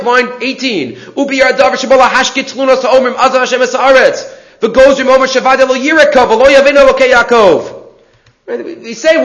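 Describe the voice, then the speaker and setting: Guy giving a torah class, high voice, echoey room. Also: a bit bright. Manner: explains sources line by line, asks and answers his own questions. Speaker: Torah teacher.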